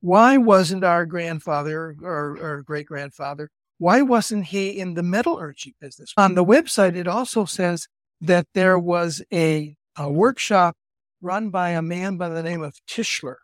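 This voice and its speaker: Older guy on a podcast, talks kinda high, rambles into family stories. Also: dry recording, studio quality. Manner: storytelling, chatty, quick asides. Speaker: podcast co-host. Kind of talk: casual family-history chat.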